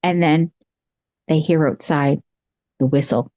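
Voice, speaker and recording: A woman's voice: sits low, steady tone, takes it slowly, mellow, dry recording, muffled recording. A woman podcast host telling a spooky story in a chatty, casual way, with lots of repeated phrases.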